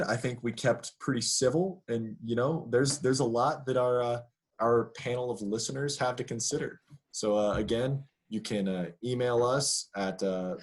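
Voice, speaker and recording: A man's voice: mid-range voice, husky. A young man hosting a casual podcast, talking with many fillers and restarts. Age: young adult. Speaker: podcast host.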